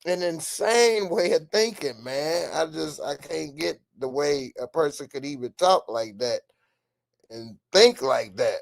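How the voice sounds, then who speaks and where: A man's voice: fairly high pitch, lively intonation, unhurried, vocal fry. Man ranting emphatically on a live stream. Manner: emphatic, ranting, reads out viewer comments. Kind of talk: casual live-stream commentary.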